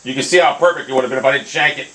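A young man commentating his own golf video game, hot-tempered and swearing constantly, often bursting into angry shouts. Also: medium pitch, very fast, rough recording. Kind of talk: live gameplay commentary.

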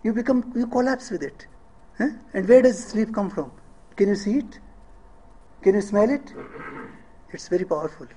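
A man's voice: high voice, normal speed, long pauses, dark tone, slightly rough, low-quality recording. A middle-aged man with an Indian English accent giving a public lecture, often asking the audience questions and checking in with "eh?". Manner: rhetorical questions, asks audience "eh?".

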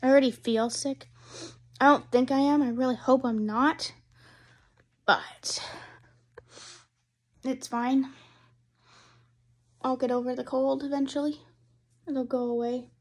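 Chatty young woman, slightly hoarse. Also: high voice, fairly even intonation, moderate pace, long pauses, darkish tone. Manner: chatty, rambling, giggly. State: slightly hoarse, losing her voice. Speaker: vlogger. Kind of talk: casual taste-test vlog. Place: indoors at home.

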